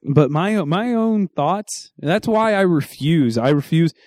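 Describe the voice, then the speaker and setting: Male co-host, casual chat; rambling, animated delivery, dry studio sound. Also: on the high side, slow, no room sound. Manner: rambling, animated storytelling with self-corrections. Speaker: podcast co-host.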